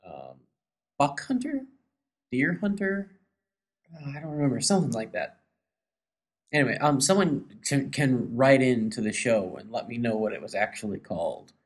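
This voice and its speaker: A man talking loosely to his listeners as host of his own show. His voice sits at an ordinary, middle pitch, and he wanders from thought to thought, filling pauses with ums. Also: very animated. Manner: rambling, hesitant, many ums. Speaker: podcast host. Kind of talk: casual solo chat.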